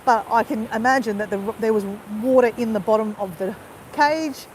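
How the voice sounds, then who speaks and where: A woman's voice: fairly high pitch, moderate pace, a little mellow, a little hiss or hum, low-quality recording. A woman vlogger crying as she talks, rambling with lots of "you know" while on a walk outdoors. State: tearful, crying. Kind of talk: emotional live-stream monologue.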